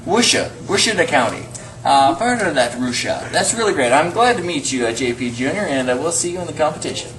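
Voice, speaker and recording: A man's voice: fairly high pitch, sing-song, fast, fairly bright tone, slight background noise, rough recording. A man hosting a goofy homemade mockumentary as a giggly mock interviewer. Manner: goofy, giggly, repeats "I've heard". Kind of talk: improvised comedy mockumentary. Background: music.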